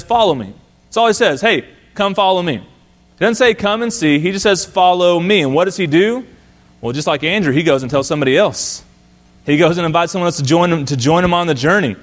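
A pastor with a voice that sits high preaches a lively, conversational sermon. As he tells the story, he acts out the lines of Bible characters.

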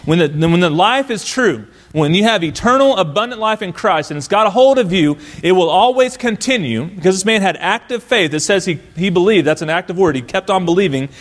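A man's voice: high-pitched, expressive, fairly quick, hardly any pauses. A man preaching a sermon as pastor, emphatic and full of rhetorical questions to the congregation.

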